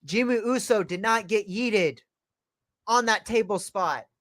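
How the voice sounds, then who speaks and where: Excitable high-pitched man calling wrestling. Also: measured pace, dry recording. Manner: excited play-by-play, calling moves as they happen. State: starting to lose his voice. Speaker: livestream host. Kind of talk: live wrestling reaction commentary. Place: at home by his PC.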